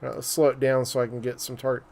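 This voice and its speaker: A man's voice: mid-range voice, monotone, rapid-fire, gravelly, a little mellow. A man giving loose, joking commentary while live-streaming a strategy game, with frequent fillers and asides to his viewers. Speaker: gaming streamer.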